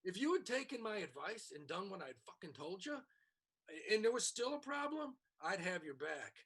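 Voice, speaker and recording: Male podcast co-host, bright husky tone, animated storyteller. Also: sits high, moderate pace. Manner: animated storyteller acting out quoted people. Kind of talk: casual storytelling.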